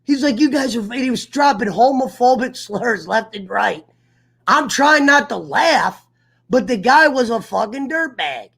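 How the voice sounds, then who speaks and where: A man's voice: very high voice, lively intonation, a little slow, creaky, fairly bright tone, husky. A man hosting an online sports talk show, telling a heated story in a profane, fired-up rant. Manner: profane, fired-up storyteller who mimics others. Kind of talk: casual livestream rant.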